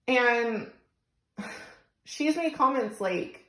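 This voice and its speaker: A woman's voice: a little high, animated, slow, pauses often, fairly bright tone, echoey room, low-quality recording. Frustrated woman venting, near tears. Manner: tearful, rambling, frustrated venting. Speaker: single mom vlogger. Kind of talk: emotional venting vlog. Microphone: phone.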